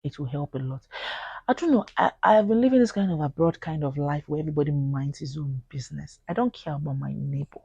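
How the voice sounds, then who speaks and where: Speaking fast in a low, husky voice, this woman with a Nigerian accent vlogs casually to camera. Her tone is earnest and pleading, and she animatedly performs other people's quoted words in Pidgin. The audio is dry and lacks high frequencies.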